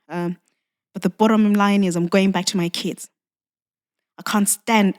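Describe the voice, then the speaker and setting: A woman's voice: mid-range voice, fairly even intonation, a little slow, pauses often. A woman guest on a podcast, telling a personal story with emotion and acting out dialogue, often saying "you know.".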